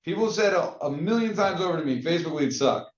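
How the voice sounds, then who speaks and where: A man coaching real estate agents on cold calling, energetic and acting out call scripts in lively voices. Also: a little high, quick pace. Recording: echoey, dull-sounding room recording.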